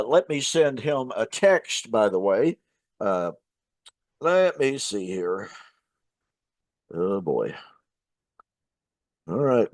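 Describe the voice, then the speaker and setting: A man shares a casual story as a minister hosting his show, relaxed and chatty, often pausing on "uh." His voice sits at an ordinary middle pitch. The sound is dry and close, with no room echo. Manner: chatty and relaxed, with frequent "uh" fillers and restarts.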